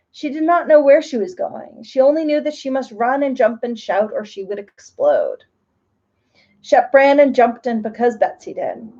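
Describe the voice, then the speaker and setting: A woman reading a children's story aloud, gently and slowly with expressive phrasing. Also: high voice, dull audio.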